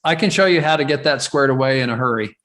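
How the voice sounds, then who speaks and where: A man's voice: mid-range voice, quick pace, fairly bright tone. A man from California hosting a live webinar over a video call, rambling casually with many fillers and restarts. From California, USA. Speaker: webinar host.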